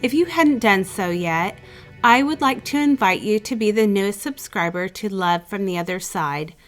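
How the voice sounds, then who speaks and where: A woman calmly reading out a first-person story as the channel's narrator, in an even storytelling delivery. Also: medium pitch, moderate pace, soft background music. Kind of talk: scripted narration of a reader's story.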